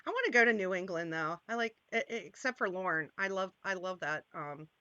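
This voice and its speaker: In a dry recording with the highs cut off, a Maryland woman talks on her channel at a slightly fast clip. Her lowish voice is expressive with a sharp tone, and the casual chat is full of laughter, rambling and self-interruptions.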